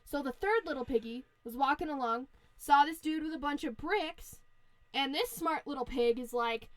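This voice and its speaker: A woman's voice: sits high, normal speed, dry recording. A woman podcast host casually retelling a fairy tale in a profane, slangy, playful way. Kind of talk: casual storytelling chat.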